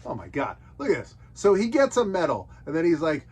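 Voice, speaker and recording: Lively, joking man reviewing old books. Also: high-pitched, brisk, few pauses, slightly rough. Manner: jokey, puts on silly character voices. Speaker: nostalgia show host. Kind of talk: casual comedic commentary.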